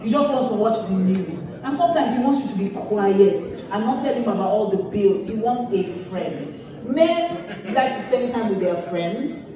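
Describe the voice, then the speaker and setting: A woman's voice: a little high, normal speed, crowd noise. Laughing woman pastor in an echoey hall. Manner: animated, laughs often mid-sentence. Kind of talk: humorous storytelling to a church audience. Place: church auditorium. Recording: echoey church hall, distant mic. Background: audience laughter.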